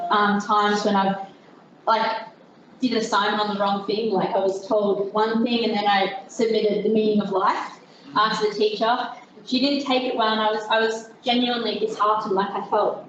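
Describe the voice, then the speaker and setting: A woman's voice: fairly high pitch, recorded from a distance, background noise. Chatty woman in an echoey room. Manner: chatty, self-deprecating, many fillers and restarts. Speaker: guest speaker. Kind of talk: informal presentation to a group. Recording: very echoey, dull room recording.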